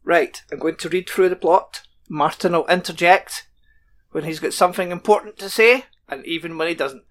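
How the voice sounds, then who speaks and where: A man's voice: fairly high pitch, moderate pace, a bit bright. A man co-hosting a casual podcast, chatting about a TV show and reading plot summaries aloud. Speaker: podcast co-host. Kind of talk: casual chat.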